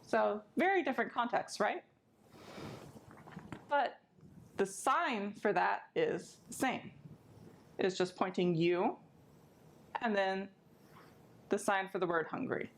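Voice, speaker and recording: Brief: woman librarian, friendly and clear, teaching a sign language video lesson, mid-range voice. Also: mid-range voice, lively intonation, slow pace, long pauses, slight background noise. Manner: friendly, clear step-by-step explaining.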